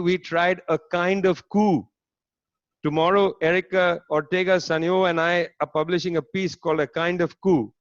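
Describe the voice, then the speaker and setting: Man, fairly high voice, emphatic sardonic lecturer, dry slightly dull online audio. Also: no echo. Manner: sardonic, emphatic, asks the audience rhetorical questions. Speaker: speaker giving a political lecture. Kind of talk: animated lecture talk. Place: online talk, home setup.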